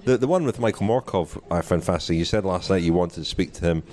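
Low-ish male host, genial and wry, casual restaurant podcast. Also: quick pace, darkish tone. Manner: genial, wry, leads the conversation. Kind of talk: hosting a casual podcast chat. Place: small restaurant.

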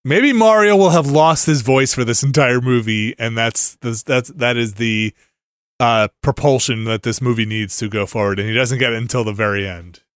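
A man's voice: medium pitch, normal speed, dry recording, clean studio sound. A man hosting a podcast in casual chat, laughing often and trailing off into mumbles. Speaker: podcast host.

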